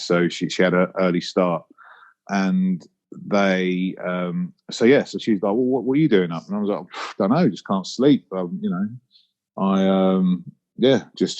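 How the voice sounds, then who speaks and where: A man with a Cockney London accent, from London, England, hosts a solo podcast and tells personal stories reflectively in a casual monologue. His voice sits low and is a little mellow, and the audio is dull.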